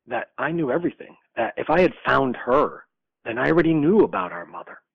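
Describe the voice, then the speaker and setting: Older man, reflective storyteller, gravelly and husky voice, dry, tinny call audio. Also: a little high, brisk, no echo. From New York, USA. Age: 60s. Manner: earnest, reflective, reenacts dialogue. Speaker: guest. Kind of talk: personal storytelling. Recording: tinny phone-like line, dry.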